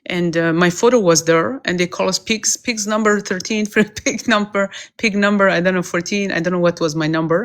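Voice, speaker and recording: A woman from Iran with a Persian accent talks earnestly as a guest on a live stream. Her voice sits fairly low, her English has non-native phrasing, and she presses her points with emphasis. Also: moderate pace, hardly any pauses. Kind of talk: casual political talk.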